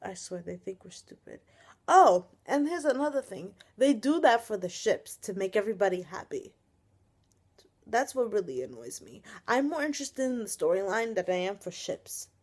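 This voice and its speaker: A young woman vents to her camera in an exasperated, swearing rant. She sighs often and her pitch sits mid-range. It sounds like a casual home vlog on a built-in camera mic. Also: big pitch swings, normal speed, darkish tone. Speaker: vlogger reviewing a TV episode. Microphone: webcam or built-in camera mic.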